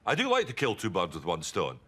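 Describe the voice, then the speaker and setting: A man playing a pompous, over-apologetic bald police chief with a Scottish accent, giving a stiff, deadpan press statement. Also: lowish voice, fairly quick, exaggerated voice. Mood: solemn.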